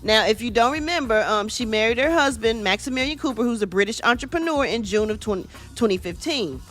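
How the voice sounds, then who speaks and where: A woman's voice: a little high, lively intonation, fairly quick, fairly bright tone, soft background music. A middle-aged woman hosting a casual radio entertainment news segment, chatty and sassy, calling listeners y'all and honey.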